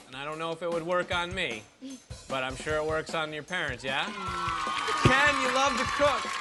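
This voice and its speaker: Game show host, male, somewhat high voice, teasing and jokey, loud show music underneath. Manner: playful, teasing with deadpan jokes. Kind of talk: quick interviews with contestants on a TV game show.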